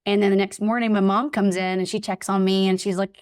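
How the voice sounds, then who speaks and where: A woman's voice: medium pitch, fast talker, hardly any pauses, no echo, clean studio sound. A woman guest telling a personal story in a casual interview, acting out the voices of people in it. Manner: animated, acts out voices in her anecdotes. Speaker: podcast guest.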